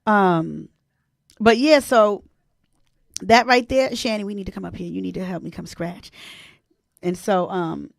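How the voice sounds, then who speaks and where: A woman's voice: mid-range voice, unhurried, gravelly, pauses often, no room sound, clean studio sound. A woman, hosting a casual live-stream chat, chatty and emotional as she talks to her viewers. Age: 40s. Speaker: host.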